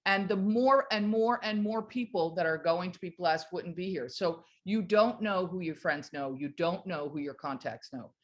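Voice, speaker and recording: A woman in her fifties telling a motivational story to her team on a video call, animated and enthusiastic. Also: lowish voice, moderate pace, hardly any pauses. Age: 50s. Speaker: network marketing team leader.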